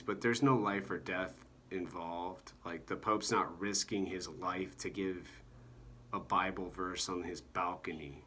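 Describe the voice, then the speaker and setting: A man giving a meandering monologue about comedy, halting often and filling gaps with "you know" and "like". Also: sits low, steady tone, a bit bright, slight background noise.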